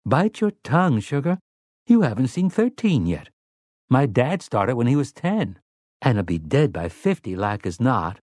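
A man's voice: mid-range voice, expressive, a little fast, few pauses, a little mellow, dry recording, studio quality, voice pushed up, close to an everyday voice. A man voicing a stern, teasing grown woman in an audiobook.

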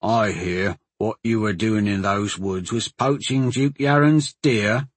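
A man's voice: on the low side, slow, husky, dry recording. A man voicing a blunt, skeptical male soldier in a fantasy audiobook. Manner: blunt, grumbling then encouraging.

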